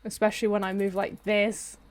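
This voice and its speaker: A woman's voice: medium pitch, little pitch movement, a little fast. Young woman streamer, casual rambling chat. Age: young adult. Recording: noisy stream audio.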